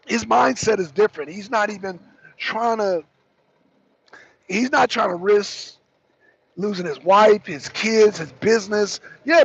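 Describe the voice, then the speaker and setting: Hoarse man, high gravelly voice, casual stream host, chatty, clears throat a lot. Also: a bit bright. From Southern US. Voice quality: raspy, gravelly. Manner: chatty, addresses viewers as y'all, clears throat often. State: hoarse, losing his voice. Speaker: talk show host. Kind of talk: casual livestream commentary. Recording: dull lo-fi stream audio.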